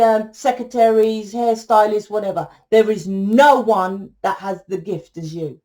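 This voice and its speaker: A woman's voice: a little high, a little mellow. A woman giving a casual tarot reading, talking bluntly and lecturing the viewer, with plenty of swearing. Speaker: tarot reader.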